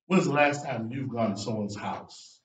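A man's voice: moderate pace, a little hiss or hum. Dynamic male preacher in an echoey church. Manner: dynamic preaching, shouting and dropping low for emphasis. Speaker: guest preacher. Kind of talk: sermon. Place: church sanctuary. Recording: echoey church room from far off.

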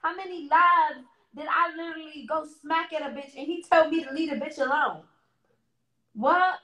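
A woman's voice: sits high, moderate pace, bright, forceful tone. Exasperated young woman in an echoey room. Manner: exasperated, profane. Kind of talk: venting on a live stream.

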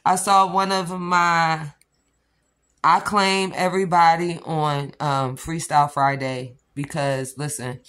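A woman vlogging about nails, excitable and rambling, with sudden shouts before calming herself down. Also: low-pitched. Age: adult with a child. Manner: excitable, rambling, bursts into shouts then calms down. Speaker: nail vlogger. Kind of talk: excited casual vlog.

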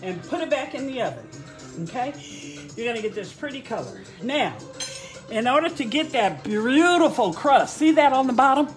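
A woman's voice: sits high, big pitch swings, normal speed, roomy sound, soft background music. Chatty woman hosting a cooking stream. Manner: chatty, exclamatory, coaxing the viewers. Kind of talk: casual live cooking demonstration.

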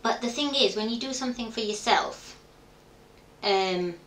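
At a normal pace, a middle-aged woman with a slightly high, somewhat bright voice shares her story as a guest in a candid conversational interview. She's open and reflective, often speaking her past thoughts aloud. There's a little hiss or hum, and the room echoes.

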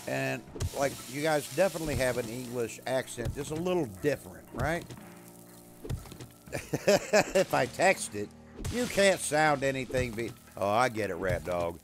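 An American man chatting casually while playing a survival game, talking to his dog and teammates and breaking into loud yelling. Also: mid-range voice, lively intonation, normal speed, few pauses, over music. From USA. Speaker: gamer streaming a survival game. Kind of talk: casual gameplay chat.

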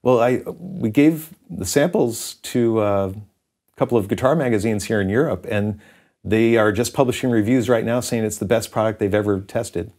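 A man's voice: on the low side, moderate pace, darkish tone, close to an everyday voice. A man voicing an eager male German distributor in a put-on German accent, pushy and urgent.

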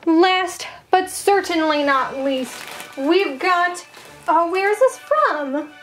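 A young woman opening fan mail on camera, chatting casually and gushing with excitement over each item. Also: very high voice, slow pace, faint music behind. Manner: gushing, excitable, exclaims often. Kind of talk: casual unboxing chat.

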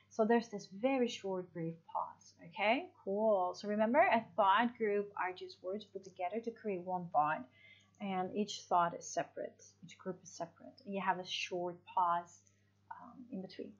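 Over dull lo-fi audio, a woman with a mid-range voice leads an online English lesson at a moderate pace. She explains things step by step and checks in with her students.

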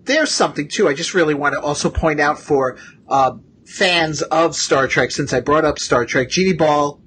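A man's voice: a little high, moderate pace, fairly bright tone, a little hiss or hum. A man hosting a podcast interview, chatting and pointing out fan trivia. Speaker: podcast host. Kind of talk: casual interview chat.

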